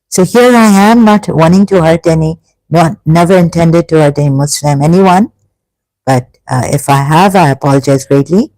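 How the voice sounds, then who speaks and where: A vlogger talking through an emotional personal monologue, halting and sighing, with frequent restarts, stopping to read passages aloud. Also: mid-range voice, dark tone, dry recording, low-quality recording. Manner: reads passages aloud between remarks.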